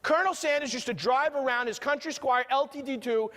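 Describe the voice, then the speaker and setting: A man with a New York accent giving an energetic keynote speech, telling stories and firing rhetorical questions at the audience. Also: very high voice, a little fast. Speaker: motivational keynote speaker. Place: conference hall at a resort. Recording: long hall reverb from a conference room.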